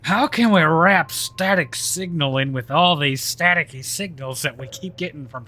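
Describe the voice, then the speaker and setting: A man's voice: medium pitch, normal speed, hardly any pauses, bright, forceful tone. A man streaming live gameplay, chatting and laughing often, trailing off mid-sentence.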